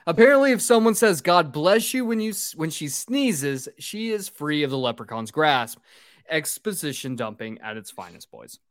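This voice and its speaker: A man hosting a comedy podcast, recapping a movie plot in a rambling, profane, energetic way. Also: on the high side, normal speed, no echo, clean studio sound. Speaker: podcast host. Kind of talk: drunk comedy podcast chat.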